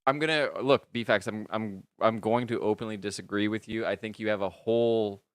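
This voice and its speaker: Dude rambling earnestly on a podcast, laughs a lot, dry close mic. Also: male voice, lowish voice, normal speed, dry recording. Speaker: podcast host. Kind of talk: casual chat.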